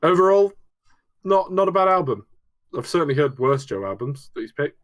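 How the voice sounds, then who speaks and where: A man's voice: fairly high pitch, sing-song, brisk. A young man co-hosting a casual album review podcast, joking crudely and slipping into mock voices. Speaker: podcast co-host.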